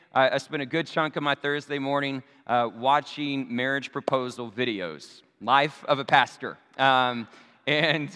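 A male pastor giving a conversational sermon to his congregation, often checking in with them using quick tag questions. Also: a little high, pushed and bright. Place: church sanctuary. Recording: long reverb of a large hall.

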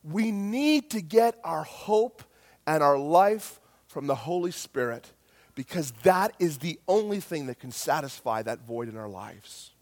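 Impassioned high-voiced male preacher. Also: animated, unhurried. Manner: impassioned, swings from hushed to loud. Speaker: pastor. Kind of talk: sermon.

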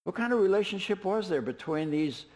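A man's voice: sits high, expressive, brisk, darkish tone. A man preaching a sermon, retelling scripture in a casual, storytelling way with offhand asides. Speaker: pastor.

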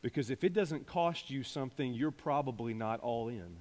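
A man's voice: medium pitch, normal speed. Man preaching in a reverberant church. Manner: swings between quiet reflection and raised emphatic preaching, with asides of dry humor. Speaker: pastor. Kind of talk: sermon. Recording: long reverb of a large church hall.

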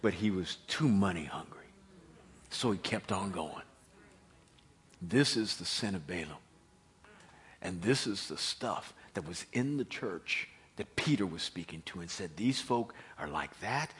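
A man preaching a sermon and telling a Bible story in an animated manner, swinging between loud and hushed. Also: low voice, unhurried, long pauses, husky.

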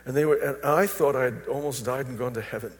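An older man preaches to his congregation in a church, weaving personal stories into his message at a middle pitch. His voice rings with the long reverb of a big sanctuary. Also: fairly quick. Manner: storytelling, personal anecdotes. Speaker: pastor. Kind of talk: sermon. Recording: long reverb of a large hall.

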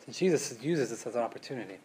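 A man preaching a casual sermon, full of rhetorical questions and tag questions, moving between loud emphasis and quiet asides. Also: medium pitch, animated, very fast. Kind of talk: conversational sermon.

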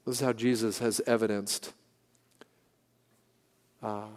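A middle-aged man from the San Francisco Bay Area, preaching a sermon in a church in an earnest, conversational way, pausing and restarting as he speaks. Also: fairly low pitch, level tone, a little mellow. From San Francisco Bay Area, California. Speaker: pastor. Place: church sanctuary. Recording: long hall reverb.

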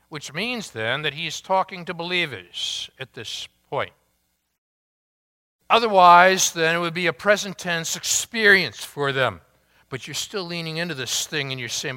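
A pastor delivers his sermon at an unhurried, measured pace, stressing key words and posing rhetorical questions to his listeners. His voice sits slightly high for a man and sounds bright and clear. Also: lively intonation, big-room sound. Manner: deliberate, emphatic preaching with rhetorical questions.

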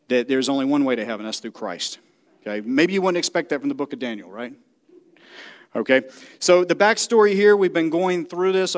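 A man preaching a sermon in a church, speaking directly to the congregation and often checking that they follow. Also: fairly high pitch.

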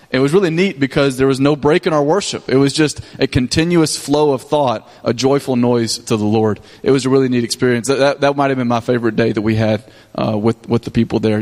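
Man, pastor, casual storytelling, halting restarts, reverberant church hall. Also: medium pitch. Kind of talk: mission trip report to a congregation.

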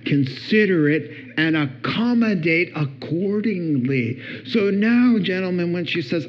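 A man preaching a sermon as a pastor, playful and deliberate, acting out what spouses say. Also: high voice, lively intonation. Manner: playful, acts out spouses' words with laughter. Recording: dull lo-fi sound.

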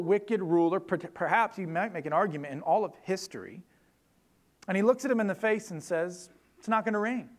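Pastor, male, fairly high voice, casual emphatic preaching, church setting. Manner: conversational, emphatic preaching with asides. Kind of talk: sermon.

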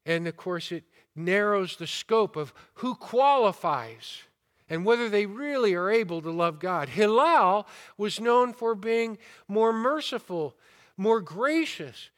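A man preaching a sermon, deliberate, with rising emphasis and quiet asides. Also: high-pitched, expressive, long reverb tail. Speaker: pastor.

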